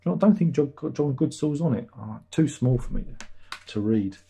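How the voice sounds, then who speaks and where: Man, livestream host, rambling, self-deprecating, mellow husky voice. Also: mid-range voice, lively intonation, moderate pace. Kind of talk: casual rambling chat.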